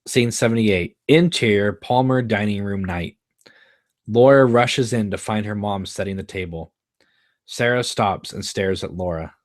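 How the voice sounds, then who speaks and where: A man hosting a show, reading out the stage directions of a screenplay live in a measured, flat manner. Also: fairly low pitch, no room sound, clean studio sound. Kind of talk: live screenplay read-through.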